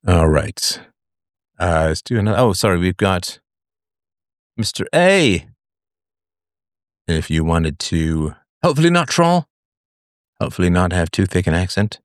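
A man's voice: deep voice, sing-song, unhurried, long pauses, no room sound, studio quality. A man hosting a live call-in show, blunt with crude asides, swinging his voice up and down as he talks. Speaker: host.

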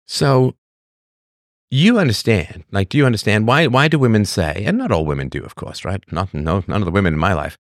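A man's voice: a little fast, no room sound, clean studio sound. A man hosting a live stream, talking through chat messages in an opinionated way and repeating his points as rhetorical questions. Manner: animated delivery with lively pitch swings. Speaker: livestream host.

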